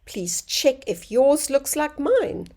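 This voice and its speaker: A woman teaching a phonics lesson to young children, sounding out words slowly and clearly. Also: high-pitched, big pitch swings, dark tone.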